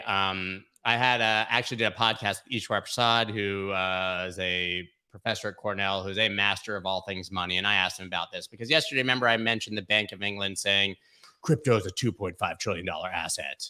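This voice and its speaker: Brash, joking man with a bright voice. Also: on the low side. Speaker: crypto market show host. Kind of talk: casual live market commentary.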